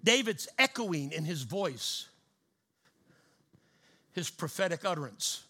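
A man preaching a sermon with a high, bright, ringing voice. He is fervent, bursting out loud and then dropping to hushed asides. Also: expressive, moderate pace.

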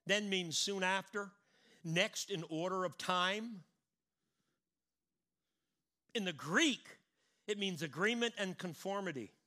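Middle-aged male preacher, high bright voice, animated, repeats for emphasis. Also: takes it slowly, pauses often. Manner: animated, repeats and stresses words. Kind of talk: sermon.

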